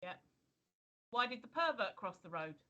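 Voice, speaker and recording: A woman's voice: mid-range voice, big pitch swings, moderate pace, pushed and bright, dull audio. A woman co-hosting a live stream, teasing and giggly, telling corny jokes. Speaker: co-host. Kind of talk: casual live-stream banter.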